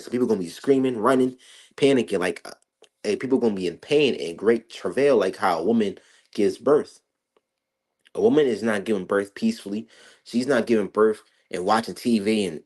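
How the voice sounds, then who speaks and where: A man giving an informal Bible commentary, emphatic and swearing freely, stumbling through repeated restarts. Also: on the low side. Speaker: street preacher.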